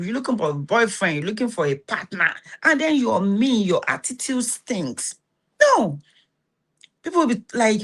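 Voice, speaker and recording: A woman's voice: medium pitch, sing-song, normal speed. A middle-aged woman with a Nigerian accent hosting a motivational self-help talk, giving blunt, scolding advice and often asking if you understand. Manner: blunt, scolding advice with rhetorical check-ins. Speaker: host.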